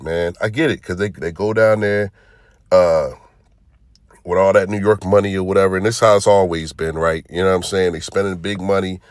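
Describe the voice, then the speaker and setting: A man hosts a casual reaction video. He talks loosely, with lots of fillers and rhetorical asides. His voice is very low, and the recording is dry and close. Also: no room sound. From Philadelphia. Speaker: channel host.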